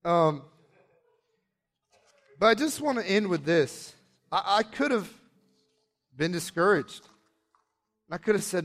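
A man preaching a sermon and telling a personal testimony, passionate, moving between hushed moments and excited shouts. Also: sits high, measured pace, pauses often.

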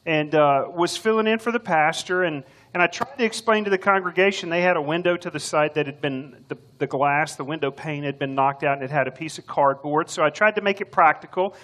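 A man's voice: a little high, fairly quick, few pauses, fairly bright tone. An older man, filling in as preacher, delivering a sermon in a folksy, joking storytelling way. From Texas. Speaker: substitute preacher.

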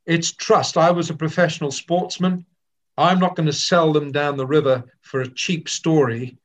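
A man's voice: a little high, fairly even intonation, moderate pace. An older man, a veteran sports broadcaster, telling self-deprecating stories in an interview. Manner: anecdotal and self-deprecating, with frequent restarts. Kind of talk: reflective interview storytelling. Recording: slightly dull lo-fi sound.

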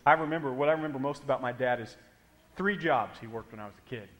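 Bright-voiced pastor preaching in a reverberant hall. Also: male voice, mid-range voice, fast talker. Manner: emphatic, addresses the congregation directly. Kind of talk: sermon. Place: church hall.

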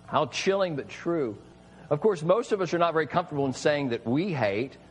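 A man's voice: fairly high pitch, lively intonation, a little fast, a little hiss or hum, poor audio. A man preaching a sermon, emphatic and full of rhetorical questions to his listeners.

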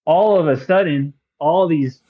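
A man with a fairly high voice tells his faith story on a podcast, earnest and excitable, dropping casual slang. The recording sounds a little dull and lo-fi. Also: unhurried, husky. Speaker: podcast guest. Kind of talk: casual testimony chat.

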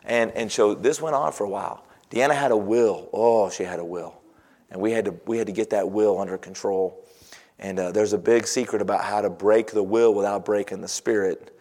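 A man preaching a sermon, telling homey stories and swinging from soft, low asides to loud, exclaiming passages. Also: normal speed. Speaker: pastor.

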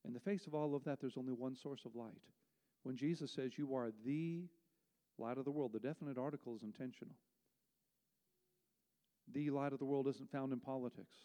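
A man's voice: medium pitch, steady tone, a little fast, pauses often, dark tone. A man preaching a sermon as pastor, emphatic and rhetorical, reading scripture aloud. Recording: long hall reverb.

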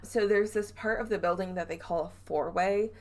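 A woman's voice: medium pitch, normal speed, a little mellow. A woman hosting a podcast, telling a spooky story in a chatty way with frequent laughs and fillers. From Southern US. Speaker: podcast host. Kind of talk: casual storytelling chat.

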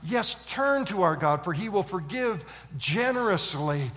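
A male pastor preaching a sermon, telling a story dramatically and swinging from loud excitement to hushed intensity. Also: sits high, unhurried. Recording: long reverb of a large hall.

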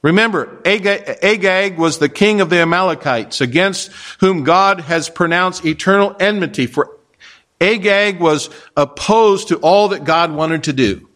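A man's voice: high voice, measured pace, a bit bright. A male pastor preaching an expository sermon in a conversational way, often asking his listeners rhetorical questions.

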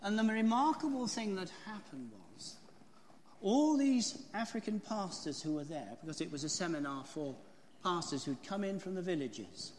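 A man preaching a sermon in a high, very animated voice, telling stories and asking rhetorical questions. The sound carries a long reverb from a large hall. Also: normal speed, slight background noise. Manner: storytelling, asks the congregation rhetorical questions. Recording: echoey hall.

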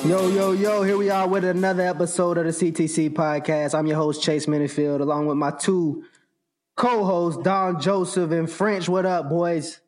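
Podcast host, man with a high voice, teasing and laughing, casual slang. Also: little pitch movement, normal speed, darkish tone, faint music behind. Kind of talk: casual chat.

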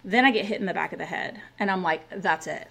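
A woman in her forties telling a story in casual podcast chat, rowdy and animated, with plenty of asides. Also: mid-range voice, very fast, creaky. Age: 40s. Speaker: podcast co-host.

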